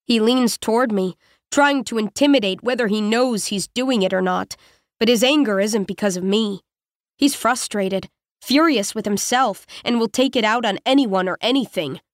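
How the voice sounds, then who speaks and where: A woman narrating an audiobook in the first person, in a measured, even voice with short, plain sentences. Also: fairly high pitch, dry recording, studio quality.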